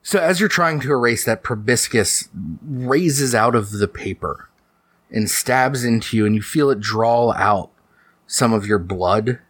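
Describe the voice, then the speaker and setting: A man running a tabletop horror game, his voice sitting on the low side. He draws out the tense moments slowly and deliberately. The recording is dry and close. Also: a bit bright, breathy edge, no room sound. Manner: slow, deliberate for dramatic beats. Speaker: game master.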